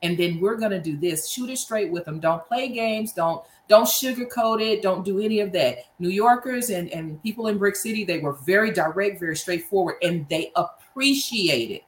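A woman's voice: mid-range voice, moderate pace, few pauses, roomy sound. A woman hosting a podcast with a Southern US accent, talking enthusiastically and repeating phrases for emphasis. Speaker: podcast host. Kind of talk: casual chat.

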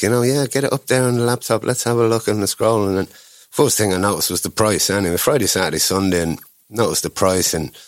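A man's voice: deep voice, dry recording. An Irish man, a guest, telling a rambling story with lots of restarts and acted-out quotes. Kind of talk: casual anecdotal storytelling.

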